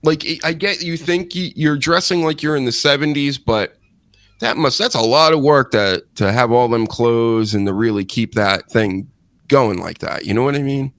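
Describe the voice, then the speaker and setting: A man's voice: medium pitch, normal speed, a bit bright, no echo. Jokey rambling man, dry close mic. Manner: rambling, jokey, laughs often. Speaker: podcast host. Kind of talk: casual wrestling chat.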